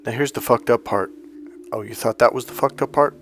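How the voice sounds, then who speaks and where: A man's voice: mid-range voice, brisk, fairly bright tone. Blunt, emphatic male dating coach. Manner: repeats words for emphasis. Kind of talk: storytelling monologue.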